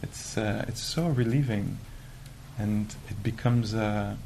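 A man giving a conversational dharma talk as a meditation teacher, animated and full of "you know" fillers. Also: lowish voice, slow, slight background noise, rough recording. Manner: animated, acts out quoted inner voices.

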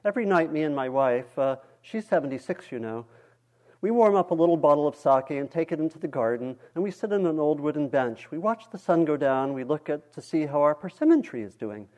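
A man voicing a tiny, delighted old gentleman in his seventies who talks gently and easily. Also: fairly high pitch, expressive, brisk, close to an everyday voice.

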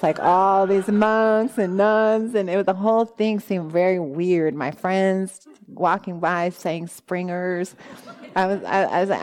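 A woman meditation teacher gives a dharma talk, telling a personal story with lively asides to her listeners and acting out her own past thoughts. Her voice is medium in pitch and a little slow.

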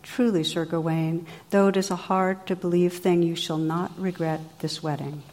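A woman voicing a gentle, wise enchanted lady in a read-aloud legend, speaking slowly and sweetly. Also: lowish voice, steady tone, in a large hall, close to an everyday voice.

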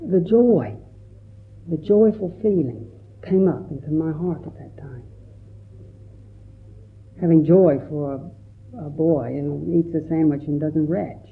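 A monk gives a reflective dharma talk in a gravelly, fairly high male voice. The recording is thin and phone-like, as if heard down a narrow line. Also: slow pace, long pauses. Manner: storytelling with quoted voices, gentle and reflective. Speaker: Buddhist monk teacher.

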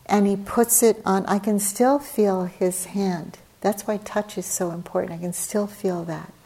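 A woman's voice: mid-range voice, dark tone. A middle-aged woman, a meditation teacher, telling a personal story in a conversational dharma talk, with frequent fillers and a livelier lilt when she acts out scenes.

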